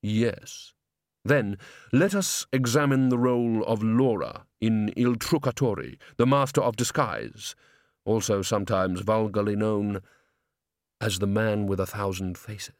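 A man reading an audiobook voices a mysterious masked opera phantom, measured and solemn. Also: on the low side, no room sound, clean studio sound. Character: mysterious masked male opera ghost, commanding.

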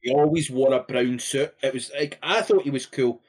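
A man of ordinary pitch co-hosting a podcast, spinning a loose story with plenty of "like" and "um". He swears casually and wanders off on side notes. His delivery stays unhurried and conversational. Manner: relaxed, rambling, sweary, full of fillers. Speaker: podcast co-host.

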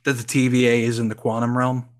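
A man's voice: mid-range voice, completely flat delivery, quick pace. A man co-hosting a podcast, chatting casually with lots of fillers and laughter. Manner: rambling, lots of likes and ums, laughs often. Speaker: podcast co-host. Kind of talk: casual chat.

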